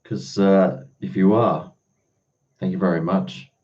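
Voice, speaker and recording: A man's voice: sits low, fairly even intonation, takes it slowly, darkish tone, highs cut off. An Australian man live-streaming, chatting casually with viewers and answering their comments in a blunt, freely swearing way.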